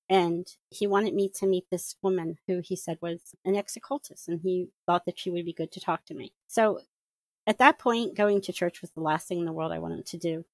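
A woman guest recounting her past as a witch in casual storytelling, animated and laughing often as she acts out her own thoughts. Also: lowish voice, no echo. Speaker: interview guest, former witch. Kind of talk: personal testimony, casual storytelling.

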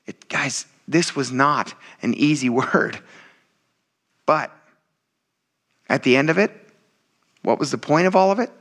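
A man preaching a conversational sermon, animated and laughing often, dropping to low quiet asides and rising into excited stretches. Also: unhurried, long pauses. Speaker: pastor.

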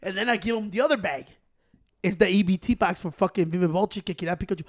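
A man telling a story in casual chat, profane and animated, switching between English and Spanish and acting out the people he quotes. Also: high-pitched, racing, no echo, clean studio sound. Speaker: podcast co-host telling a story.

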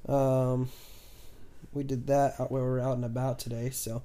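At normal speed and in a mid-range voice, a man casually hosts a podcast from home using a new budget desk mic. The talk is relaxed and meandering, with lots of fillers and trailing "so"s.

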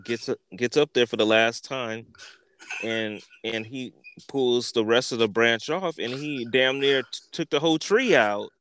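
Crude, animated man telling a story. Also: medium pitch, measured pace, slight background noise. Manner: crude, animated, full of profanity and insults. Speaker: podcast host. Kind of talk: comic storytelling.

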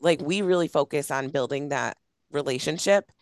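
A woman's voice: low voice, moderate pace, darkish tone, no echo, studio quality. A young woman hosting a podcast, talking in a gushing, casual way full of "like"s. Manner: gushing, filler-heavy with many "like"s. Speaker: podcast host and coach. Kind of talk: casual interview chat.

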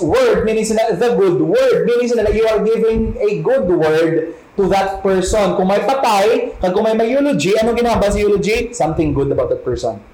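A man's voice: high voice, darkish tone. A man with a Filipino accent teaching a sermon on a Bible passage, explaining words one by one and answering his own questions. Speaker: preacher. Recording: echoey room.

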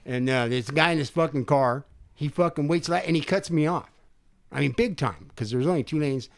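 Older guy on a podcast, swearing a lot, voice sits a bit high, acts out what people said. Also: a little fast. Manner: profane, animated storyteller acting out quotes. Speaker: podcast host telling a story. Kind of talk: casual storytelling chat.

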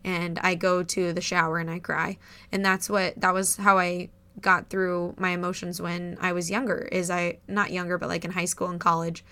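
A woman's voice: lowish voice, flat delivery, moderate pace, pushed and bright, clear, resonant tone. A woman co-hosting a podcast in casual chat, chatty and emotional, laughing often. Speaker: podcast co-host.

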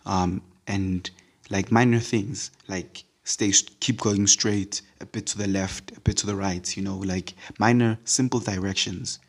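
A deep-voiced man giving a casual devotional talk. His voice sits low in pitch, and he rambles loosely, stumbling and repeating words with plenty of "um" and "like" along the way. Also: steady tone, unhurried. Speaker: podcast speaker.

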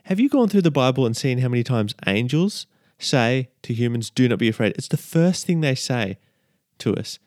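A man's voice: medium pitch, big pitch swings, moderate pace, darkish tone, dry recording, clean studio sound. A man hosting a casual devotional podcast, chatty and repeating his key lines as he checks in with listeners. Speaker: podcast host.

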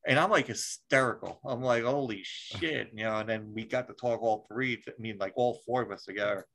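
A man's voice: lowish voice, steady tone, a little fast, a bit bright, low-quality recording. A man hosting a podcast in casual chat, rambling with lots of fillers, restarts and swearing. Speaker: podcast host.

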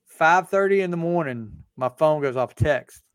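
A man's voice: a little high, expressive, normal speed, clear, resonant tone, dry recording, clean studio sound. A man hosting a sports podcast, chatting casually and animatedly as he tells stories and acts out quoted dialogue. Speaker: podcast host.

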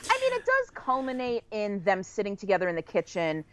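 A woman on a podcast, recapping a movie plot in long, detailed stretches and often slowing down to stress points. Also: mid-range voice, huge pitch swings. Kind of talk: casual movie discussion.

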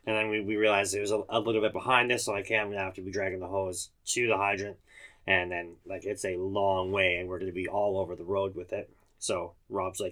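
Firefighter dude, matter-of-fact, lowish voice but bright and punchy. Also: male voice, little pitch movement, fast. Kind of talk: casual chat.

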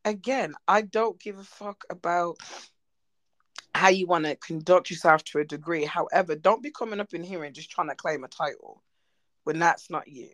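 Woman, podcast co-host, blunt, swears a lot, low-pitched, dry sound. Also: moderate pace, no room sound, poor audio. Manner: blunt, animated, swears freely. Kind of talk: casual chat.

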